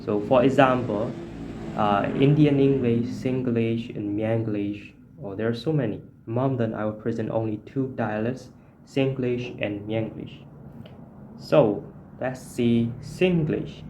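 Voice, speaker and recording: Man, student presenter, middle pitch, noisy recording. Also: dark tone. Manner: hesitant, many fillers, reads examples slowly. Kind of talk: class presentation. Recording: noisy background.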